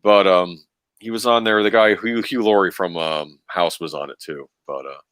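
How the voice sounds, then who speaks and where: A man's voice: deep voice, moderate pace, fairly bright tone, smooth, no echo, studio quality. A man casually talking through a film rewatch as co-host, rambling with frequent laughs and restarts. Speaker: podcast co-host.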